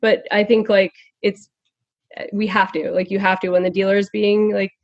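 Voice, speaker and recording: A woman's voice: medium pitch, flat delivery, moderate pace, a little hiss or hum. A woman co-hosting a casual podcast, chatty and loose, full of "like" fillers. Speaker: podcast co-host. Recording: dry, dull lo-fi sound.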